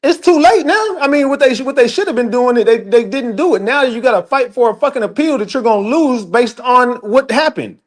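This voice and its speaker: A man's voice: very high voice, lively intonation, a little fast, few pauses. A man ranting on a livestream, profane and emphatic, talking straight to his chat. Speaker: livestream commentator. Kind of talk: heated livestream rant.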